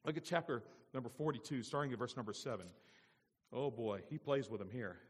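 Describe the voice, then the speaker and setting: A male pastor preaching a sermon, lively and quizzing his congregation with questions. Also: medium pitch, a little fast, husky. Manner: animated, asks the congregation questions. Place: church. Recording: long church reverb.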